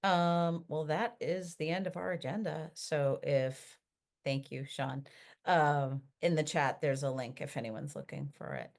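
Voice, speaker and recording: A woman chairing a town planning board meeting, brisk and friendly as she moves through the agenda. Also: low voice, a little mellow. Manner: brisk, friendly, laughs easily.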